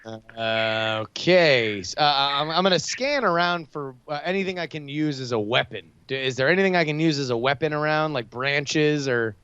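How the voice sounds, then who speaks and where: A man's voice: fairly high pitch, normal speed, few pauses, sharp tone, clean tone, dry recording, dull audio. A man playing a tabletop game, talking hesitantly with many stammers and fillers. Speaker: player. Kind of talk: tabletop role-play.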